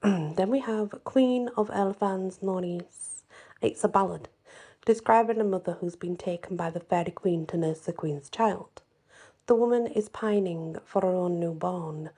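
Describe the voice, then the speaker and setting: A woman reading old fairy ballads and folklore aloud as a storyteller, gentle and unhurried, sometimes dropping into a soft whisper. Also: lowish voice, creaky, breathy edge.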